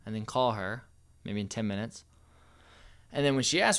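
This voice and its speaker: Smooth-voiced playful male dating coach. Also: lowish voice, expressive, normal speed, fairly bright tone. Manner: playful, a little cocky. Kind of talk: casual advice tutorial.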